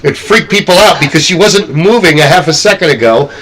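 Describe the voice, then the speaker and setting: A man telling haunted house stories in a casual podcast chat, lively, often jumping into loud acted character voices. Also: a little high, a little fast, breathy edge, low-quality recording. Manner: animated, acts out scenes with sudden loud character voices.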